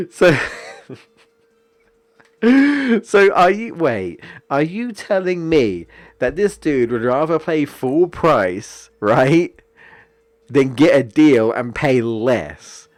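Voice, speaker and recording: A man's voice: medium pitch, expressive, slow. Casting note: young guy, game streamer, swears a lot, rants and jokes about the game, mid-range voice. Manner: profane, exasperated, jokey rants. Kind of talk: casual gaming stream commentary.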